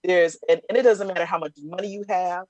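A woman co-hosts a casual conversation, her voice sitting on the low side. She teases her partner in an animated way, with sudden loud bursts. The sound is dry and close. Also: a little fast, dry recording, highs cut off. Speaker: co-host. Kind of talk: casual chat.

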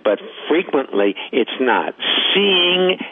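A man hosting a call-in advice show, speaking calmly and instructively to his callers. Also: medium pitch. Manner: calm, instructive, measured. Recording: phone-line audio.

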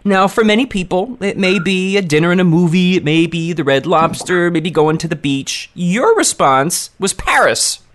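A man hosting a casual interview podcast, joking easily and trailing off softly at the ends of his lines. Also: sits high, lively intonation, moderate pace, few pauses. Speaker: podcast host.

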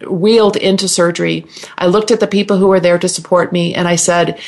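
Woman, middle-aged, lowish voice, earnest, halting with restarts, radio interview guest telling her story. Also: fairly even intonation, a little mellow. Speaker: guest healer and naturopath.

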